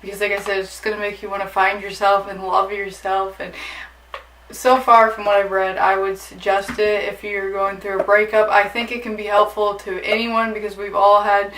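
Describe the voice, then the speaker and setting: A woman's voice: medium pitch, little pitch movement, brisk, hardly any pauses, a bit bright. A young woman chatting casually about books in a book haul video, filling her talk with "like". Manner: chatty, lots of "like" fillers. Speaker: book vlogger. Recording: echoey room, mic at a distance, faint hiss.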